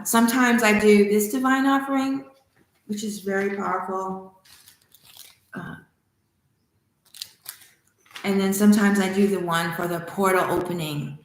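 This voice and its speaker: A woman spiritual teacher giving a casual devotional talk, a chatty, digressive storyteller who laughs easily and reads aloud from a book. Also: on the low side. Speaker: spiritual teacher and temple founder. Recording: very echoey room.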